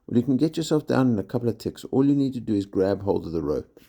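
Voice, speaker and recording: A man's voice: mid-range voice, lively intonation, fast, gravelly, warm tone. A man reading a storybook aloud, voicing a patient climbing instructor who coaxes and reassures a scared boy. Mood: reassuring. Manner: coaxing, reassuring.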